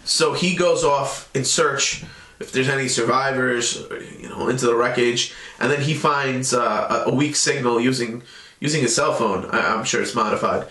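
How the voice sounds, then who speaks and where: A man's voice: mid-range voice, moderate pace, sharp tone, roomy sound. A man casually recapping a cartoon episode in a loose, rambling way. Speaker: show reviewer.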